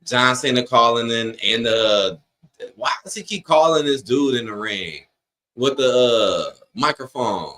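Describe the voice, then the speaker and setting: Man, live-stream host, casual chat, slangy, blunt, opinionated, middle pitch. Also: expressive, measured pace, sharp tone. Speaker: host of a live wrestling watch-along stream. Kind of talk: casual live-stream chat, reacting to a broadcast and reading viewer comments.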